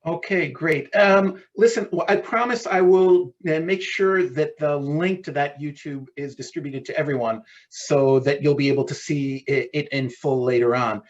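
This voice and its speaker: A man giving a lecture in an online class, explaining in a plain and unhurried way. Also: fairly high pitch. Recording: muffled lo-fi audio.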